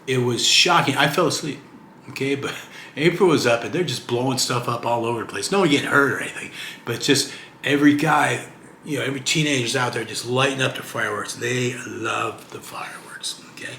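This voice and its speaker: A man's voice: mid-range voice, a bit bright. A retired man in his sixties talking casually to camera in a rambling vlog, often checking in with "okay?". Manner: chatty, rambling, keeps asking "okay?". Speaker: retired vlogger. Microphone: camera mic. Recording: roomy echo, faint hiss.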